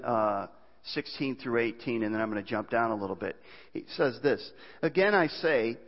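A man preaching a conversational sermon as a pastor, with frequent fillers and restarts. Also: on the high side. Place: church. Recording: dull hall reverb.

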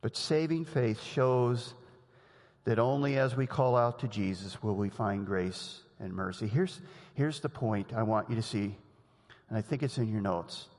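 A pastor preaching an animated sermon, often acting out the voices of the people he quotes. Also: in a large hall. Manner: animated, acts out voices of people and Jesus, rising pitch when quoting.

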